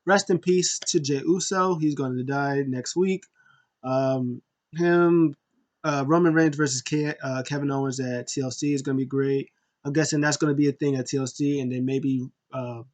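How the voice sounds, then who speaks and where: A man giving a casual, excitable recap of a wrestling show, acting out scenes in raised voices. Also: mid-range voice, normal speed.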